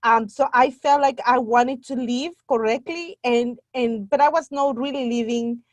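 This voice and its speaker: A woman's voice: a little high, fairly even intonation, normal speed, no echo. A woman from Guatemala with a Guatemalan Spanish accent, a native Spanish speaker, talking earnestly and from the heart as a podcast guest. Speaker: guest, membership site owner. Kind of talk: casual podcast interview.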